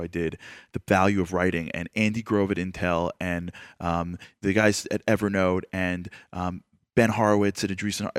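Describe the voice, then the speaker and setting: A man hosting an interview, asking long, animated, winding questions in a conversational style. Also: deep voice, no room sound, clean studio sound. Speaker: interviewer and radio show host.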